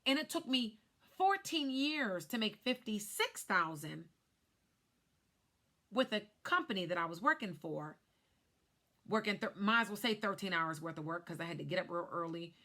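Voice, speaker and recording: A woman in her thirties, a life insurance agent, telling her story to camera in an animated way while glancing at cue cards. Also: lowish voice. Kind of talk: casual talk to camera.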